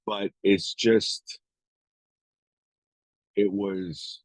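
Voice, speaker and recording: A man's voice: lowish voice, fairly even intonation, extremely slow, no room sound, rough recording. A middle-aged man co-hosting a podcast, talking bluntly in casual chat, swearing often and acting out the lines of others. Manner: blunt, heavy swearing, acts out quoted dialogue. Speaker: podcast co-host.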